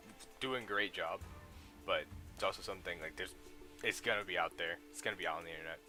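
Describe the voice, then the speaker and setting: A man's voice: low voice, fast talker, sharp tone, soft background music. A young man streaming a live reaction to a game, chatting casually with lots of fillers and reading the dialogue aloud in his own voice. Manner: casual, rambling with frequent "like" fillers.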